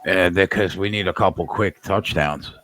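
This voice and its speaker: A man's voice: low-pitched, moderate pace, a bit bright. A man co-hosting a live betting stream, answering with dry, laid-back remarks. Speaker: co-host. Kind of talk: casual betting chat.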